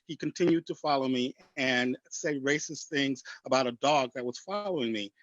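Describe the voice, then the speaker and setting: A man on a discussion panel, speaking in an impassioned, forceful way over a video call. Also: medium pitch, moderate pace, dry recording, highs cut off.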